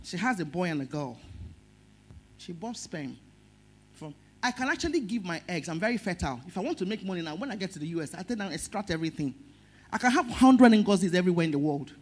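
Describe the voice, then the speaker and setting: A middle-aged woman with a Nigerian accent preaching a sermon as pastor, emotional, swinging between loud stress and soft words. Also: fairly low pitch, animated, quick pace, slightly rough.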